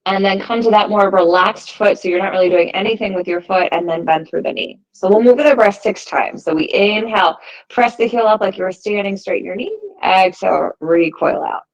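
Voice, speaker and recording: Calm woman guiding a yoga class. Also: medium pitch, brisk, highs cut off. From United States. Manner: calm, encouraging cues timed to the breath. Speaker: yoga teacher. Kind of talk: guided yoga class instruction.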